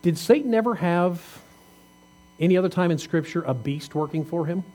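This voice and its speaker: A man's voice: high voice, animated, normal speed, dark tone. A man preaching a conversational sermon, asking his congregation questions as he reads scripture. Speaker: pastor.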